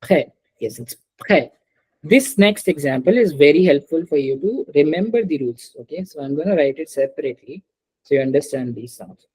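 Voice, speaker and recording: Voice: mid-range voice, expressive, moderate pace, warm tone, slightly rough, rough recording. A teacher giving an online French class over a video call, patiently repeating words and calling on students.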